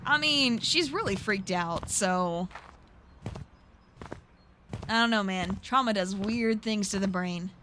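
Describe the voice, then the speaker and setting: A woman's voice: medium pitch, slow pace, pauses often, bright, forceful tone, slight background noise. Chatty woman streaming a game. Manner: chatty, giggly, thinking aloud. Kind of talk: casual live-stream commentary.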